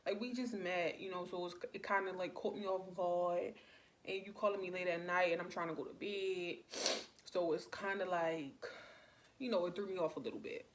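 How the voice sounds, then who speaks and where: A young woman vlogger chatting casually through a storytime, full of "like" fillers and animated retellings. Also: on the low side, normal speed, slight background noise.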